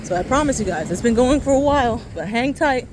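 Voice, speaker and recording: A woman's voice: a little high, expressive, fairly quick, noisy background. Breathless woman joking through a park tour. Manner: chatty, joking, talks straight to viewers. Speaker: vlogger giving a park tour. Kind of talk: casual walking-tour chat. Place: outdoor city park, walking. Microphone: faulty mic.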